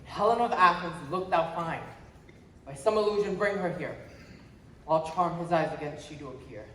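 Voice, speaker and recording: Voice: medium pitch, normal speed, pushed and bright, a little hiss or hum, close to an everyday voice. A young stage actor playing a commanding fairy king, reciting verse in a stately way on a school stage, recorded from far off. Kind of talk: live school stage acting. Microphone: far audience camera. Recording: echoey hall from far off, music behind.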